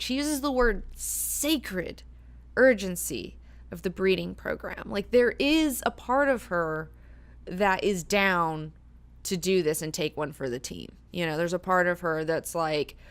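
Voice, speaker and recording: A woman hosting a book club, talking casually, swearing freely and acting out characters' lines as she goes. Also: on the low side.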